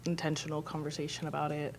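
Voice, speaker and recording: Woman, 30s, low-pitched, emotional podcast co-host who rambles and fights tears. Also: monotone, fast talker, a little hiss or hum. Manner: rambling, emotional, many fillers. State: holding back tears. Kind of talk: casual heartfelt conversation.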